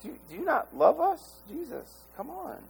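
Man acting out panicked disciples, desperate, pleading, high strained voice. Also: huge pitch swings, normal speed, gravelly, heavily acted. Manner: desperate, pleading, raised pitch.

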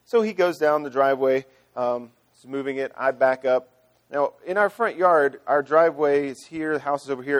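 A man, a pastor and father, preaching a sermon in a chatty, conversational way, full of "you know" and restarts. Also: medium pitch. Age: adult father. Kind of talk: sermon with storytelling.

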